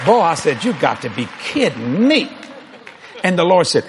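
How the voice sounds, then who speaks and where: An older man, preaching a storytelling sermon that acts out dialogue and climbs toward near shouts. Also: fairly high pitch, very animated, normal speed, a crowd in the background, background noise.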